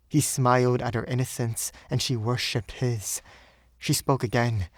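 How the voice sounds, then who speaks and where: A man's voice: mid-range voice, steady tone, moderate pace, no room sound, studio quality. A man who narrates audiobooks, reading and then chatting casually in a rambling, self-deprecating way full of fillers.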